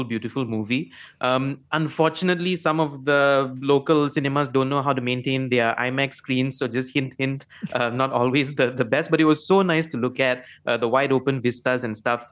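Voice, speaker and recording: A man co-hosting a radio film review show, talking excitedly and repeating words for emphasis. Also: medium pitch. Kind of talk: casual film review chat.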